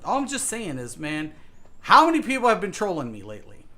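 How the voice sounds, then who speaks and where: A man's voice: high voice, wildly swooping pitch, brisk, bright, forceful tone. A man streaming a game, ranting casually and swearing often as he repeats himself. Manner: ranting, profane, repetitive. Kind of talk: casual gaming stream talk.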